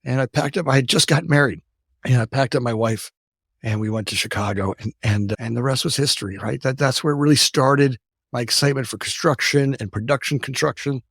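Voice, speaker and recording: A man in his fifties from the United States, a company founder telling stories as an interview guest. He talks rapidly, tags his lines with "right?" and often restarts his sentences. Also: medium pitch, vocal fry, fairly bright tone, husky, no room sound, studio quality. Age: 50s. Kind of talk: casual storytelling interview.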